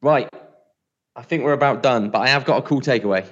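A man co-hosts a casual podcast, chatty and teasing, and tries out impressions. His voice is medium-pitched, a bit bright and a little fast, with a slightly dull lo-fi sound.

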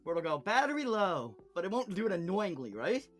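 A young man in casual chat on a gaming headset, lively and profane, laughing often. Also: high-pitched, fast talker.

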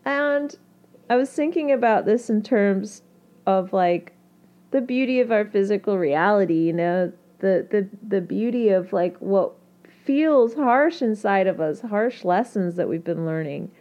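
A woman in her twenties or thirties talks her listeners through the week's astrology in a soft, mellow voice. She sounds gentle and reassuring, and she wanders a little with fillers and restarts, like easy spoken chat. Her pitch sits in an ordinary middle range. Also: lively intonation, a little slow, muffled recording. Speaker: astrology podcast host. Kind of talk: casual spiritual talk to listeners.

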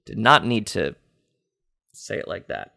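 Rambling, playfully clueless comedy podcast host. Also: male voice, fairly low pitch, sing-song, measured pace, gravelly, pushed and bright, dry recording, studio quality. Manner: rambling, playfully clueless, many fillers and restarts. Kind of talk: comedic sports headline rundown.

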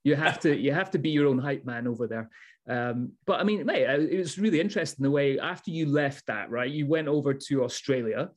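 A man's voice: medium pitch, fairly quick. A man hosting a podcast, chatting casually with upbeat banter and playing the hype man for his guest. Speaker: podcast host. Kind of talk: casual chat.

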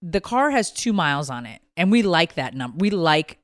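A woman's voice: normal speed, no echo. A middle-aged woman telling a long story in casual chat, swearing freely and acting out other people's lines. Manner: animated, profane, acts out quotes in a high voice. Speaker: podcast host.

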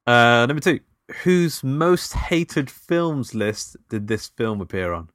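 Bright-voiced man reading out a quiz. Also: mid-range voice, sing-song, takes it slowly, no echo, studio quality. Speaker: podcast co-host running a film quiz. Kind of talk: casual chat.

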